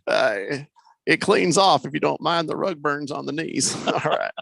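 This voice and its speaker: A man with a high-leaning, slightly bright voice and some vocal fry talks at a measured pace, recorded with clean studio sound and no echo. Hosting a sports radio talk show of casual banter, he jokes around, reads listener messages aloud and laughs often.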